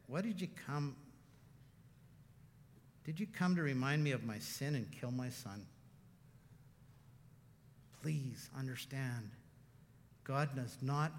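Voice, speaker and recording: A man preaching as a pastor. He shifts from hushed, tender passages to loud, impassioned ones, and he often laughs. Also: medium pitch, long reverb tail, a little hiss or hum. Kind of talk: sermon.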